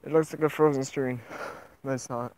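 A man with a rural American accent talks to his camera outdoors in the country, tearful and halting, his voice at a middling pitch. Steady noise from the outdoor recording sits clearly under his voice. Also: low-quality recording. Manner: subdued, halting, close to tears. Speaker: vlogger. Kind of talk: outdoor personal vlog.

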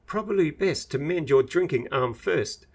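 A man's voice: on the high side, lively intonation, moderate pace, breathy edge, pitched above the performer's own voice. A man voicing a stern ageless warrior-woman. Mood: gentle.

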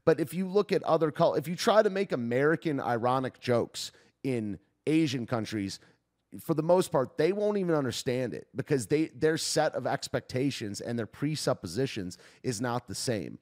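A man's voice: medium pitch, lively intonation, moderate pace, a little mellow. A man hosting a video, giving tentative, off-the-cuff commentary as he thinks aloud and reacts to a clip.

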